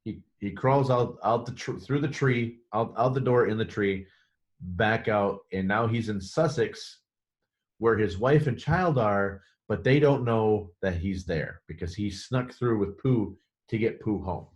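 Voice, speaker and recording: A man with a fairly low voice retells a film's plot on a podcast. He rambles and restarts his sentences as he goes. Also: unhurried. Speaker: podcast co-host. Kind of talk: casual film discussion.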